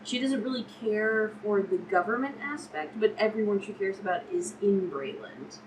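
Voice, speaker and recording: A woman introducing her character in a tabletop game, measured and thoughtful with soft fillers. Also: medium pitch, recorded from a distance, a little hiss or hum, rough recording.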